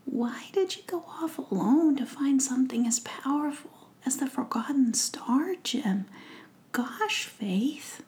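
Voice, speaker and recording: A woman's voice: high-pitched, lively intonation, slow, a little mellow, pitched above the performer's own voice. A woman voicing a kind young male fairy prince in a whispered role-play. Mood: puzzled.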